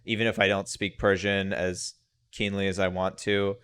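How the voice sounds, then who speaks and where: A man's voice: deep voice, little pitch movement, normal speed, a bit bright, clear, resonant tone. A young man hosting a podcast, chatting casually and animatedly with guests. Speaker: podcast host. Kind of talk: casual group chat.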